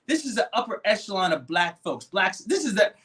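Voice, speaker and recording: A man co-hosting a casual movie discussion podcast, animated and acting out quoted voices as he talks. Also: sits high, fairly quick. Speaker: podcast co-host.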